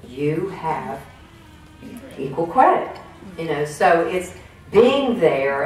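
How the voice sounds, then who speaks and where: A woman giving a folksy motivational talk to a room, often putting questions to the audience. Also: sits low. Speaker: speaker at a women's business network. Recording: echoey room, distant mic, faint noise.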